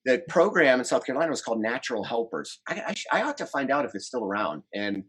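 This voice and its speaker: A man in his forties from the United States, a relationship coach telling animated stories as an interview guest and quoting people in them. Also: mid-range voice, fast, slightly rough. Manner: animated, chatty, quotes others in his stories. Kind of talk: casual interview storytelling.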